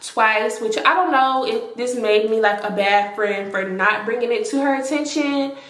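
A young woman, casually telling a storytime to camera, animated and swearing freely. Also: on the high side, moderate pace. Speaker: storytime vlogger. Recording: echoey room.

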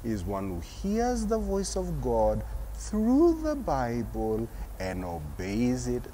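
A woman pastor talks to children with sweeping, wide pitch swings and a slow, deliberate pace. Her voice sits a little low and she acts out bits of her lessons. A faint room hiss lies underneath. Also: huge pitch swings, dark tone, low-quality recording. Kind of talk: children's Sunday school teaching.

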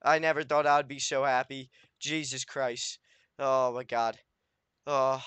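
A young man narrating his own game run in a smooth, clear voice, fretting, cursing and begging the game for luck. He talks close to the mic in a dry, dead room, with a middle pitch and no reverb around him. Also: steady tone, moderate pace, fairly bright tone. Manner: anxious, swearing, self-talking, desperate pleading. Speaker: gaming YouTuber. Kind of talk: Minecraft let's play commentary.

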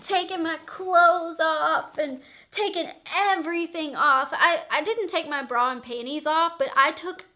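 Bright, animated young woman vlogger. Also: very high-pitched, a little slow, few pauses. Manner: animated, profane, dramatic retelling. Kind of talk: casual storytime vlog.

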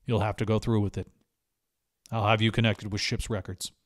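A man voicing a gruff, blunt middle-aged space commander with a curt, clipped delivery. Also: lowish voice, flat delivery, moderate pace, no room sound, clean studio sound, close to an everyday voice. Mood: somber.

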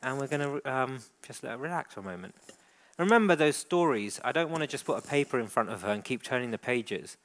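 A man's voice: medium pitch, animated, fast talker, fairly bright tone. A man who works as a dog trainer, leading a live training demonstration and coaching handlers with frequent praise.

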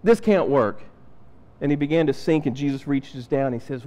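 A man's voice: mid-range voice, moderate pace, dark tone. A man preaching a conversational sermon, acting out the lines of the people in his stories. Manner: conversational, acts out Bible characters' lines. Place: church sanctuary. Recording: reverberant church hall.

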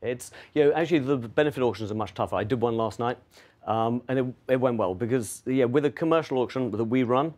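Quick-talking English man, interview guest. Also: medium pitch, a little mellow. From England. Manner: friendly, self-deprecating, quick with small restarts. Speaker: wine auction executive, guest. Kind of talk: interview answers.

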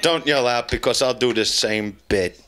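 A man's voice: medium pitch, normal speed, sharp tone, clean tone. A man doing live stand-up comedy on a club stage, crude and taunting the audience as he keeps repeating the same pun into a handheld mic.

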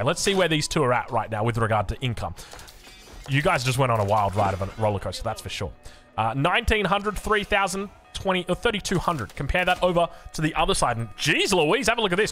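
A man's voice: on the high side, animated, quick pace, fairly bright tone, faint music behind. A young Australian man casting a strategy game match, jokey and full of puns. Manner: jokey, punning, self-deprecating. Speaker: game caster. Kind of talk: live match commentary.

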